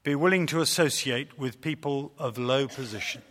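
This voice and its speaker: A man's voice: medium pitch, moderate pace, fairly bright tone. A man preaching a sermon, earnest and storytelling, with hesitant fillers in a reverberant church hall. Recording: long reverb of a large hall.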